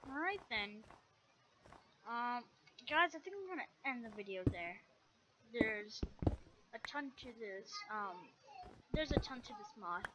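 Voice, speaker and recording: A woman's voice: on the high side, animated, slow, long pauses. A woman hosting a gameplay video, commenting as she plays with frequent startled exclamations. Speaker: gaming video host. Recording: loud background noise.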